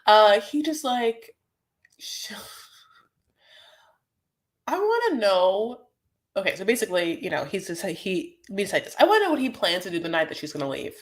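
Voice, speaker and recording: A woman hosting a casual live recap, chatting loosely and rambling from one thought to the next. She fills her talk with "like" and "you know" and keeps breaking off into quick asides. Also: medium pitch, very animated. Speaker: host.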